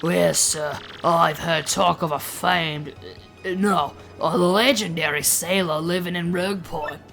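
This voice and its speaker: A woman voicing a rough-talking male sailor with a put-on Australian accent, over game music. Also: lowish voice, steady tone, measured pace, fairly bright tone. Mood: eager.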